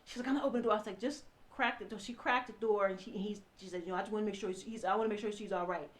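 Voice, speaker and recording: A woman telling a personal story in a lively way, acting out what people said and often restarting her sentences. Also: medium pitch, very fast. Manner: animated, acts out quoted dialogue, restarts often.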